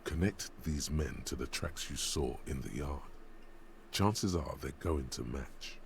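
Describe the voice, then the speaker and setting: A game's inner voice of a detective's mind, extremely deep and gravelly. He speaks slowly, in a measured, solemn and coolly observant way, with faint noise underneath. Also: full character voice. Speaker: game narrator.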